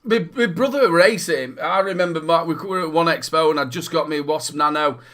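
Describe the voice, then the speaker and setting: A man's voice: fairly high pitch, fairly quick. A man with a Northern English accent, co-hosting a casual chat, rambling and repeating words as he tells stories. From Northern England. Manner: rambling, repeats words, bursts into loud mock shouting. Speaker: podcast co-host.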